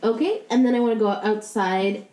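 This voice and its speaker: A woman's voice: a little high, moderate pace, dark tone. A woman playing a tabletop game as a cleric, speaking casually and kindly in character. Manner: casual, playful, kind in character. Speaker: player. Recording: echoey room.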